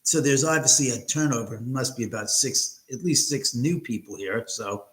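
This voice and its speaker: A man's voice: medium pitch, moderate pace, a bit bright, rough recording. A man talking casually into a computer mic at home during a live stream. He chats along with viewers, reads their comments aloud and answers them as he goes. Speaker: livestream host. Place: at home, his own house.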